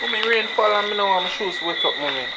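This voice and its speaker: A man's voice: high-pitched, expressive, quick pace. A man with a Jamaican accent acting a cheeky, whiny little boy in a comedy drama. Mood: whining. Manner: whiny pleading in patois. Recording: noisy outdoor night recording, crickets.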